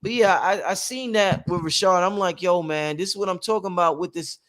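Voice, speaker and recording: Speaking a little fast in a high-pitched voice, a man runs his own livestream at home. The casual monologue comes across as animated and preachy, punctuated by frequent laughs.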